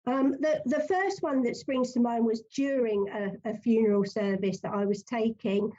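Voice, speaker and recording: High-voiced chatty woman. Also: normal speed, warm tone, highs cut off. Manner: chatty anecdote-telling with frequent laughter. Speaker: funeral celebrant, interview guest. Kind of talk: conversational interview.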